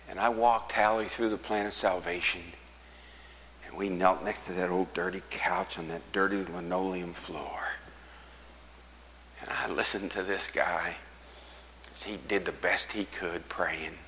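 Male preacher, low and bright-edged, folksy storyteller, echoey church hall. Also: moderate pace, a little hiss or hum. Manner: folksy storyteller, drops to hushed near-whispers. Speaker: pastor. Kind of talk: storytelling sermon.

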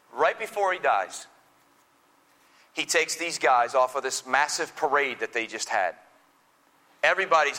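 A man preaching a sermon, retelling a scripture story slowly and dramatically with quoted dialogue. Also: medium pitch, animated, pushed and bright, rough recording. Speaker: pastor.

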